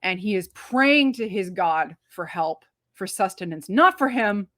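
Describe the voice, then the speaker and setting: A woman co-hosting a casual movie review, talking in an animated, emphatic and profane way, acting out scenes as she retells them. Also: mid-range voice, unhurried, dry recording, clean studio sound. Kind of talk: casual spoiler-filled movie review chat.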